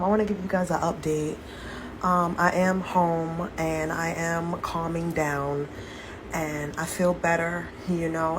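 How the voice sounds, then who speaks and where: A woman's voice: lowish voice, slight background noise, rough recording. Candid swearing woman vlogging to followers. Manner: candid, rambling, heavy swearing. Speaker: social media poster. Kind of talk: casual vlog to followers.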